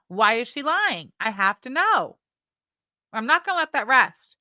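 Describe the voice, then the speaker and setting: A woman's voice: on the high side, sing-song, normal speed, bright, forceful tone, no room sound, clean studio sound. A woman hosting a live stream, chatting casually and making sarcastic asides while reacting to clips.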